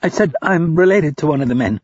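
Man doing a high, whimpering captive begging. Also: lively intonation, fast, husky, dry recording, lo-fi sound. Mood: pleading. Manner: pleading, whimpering. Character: frightened captive man begging, feigning weakness.

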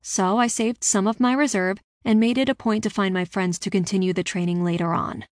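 A woman reading a first-person fantasy story aloud with steady, expressive narration. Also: mid-range voice, brisk, dry recording, clean studio sound.

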